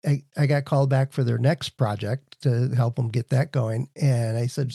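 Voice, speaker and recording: A man's voice: medium pitch, moderate pace, gravelly, few pauses, mellow, breathy edge, no echo, clean studio sound. A man in casual conversation as a guest engineer, telling work anecdotes. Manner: anecdotal, chuckles. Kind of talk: casual technical chat.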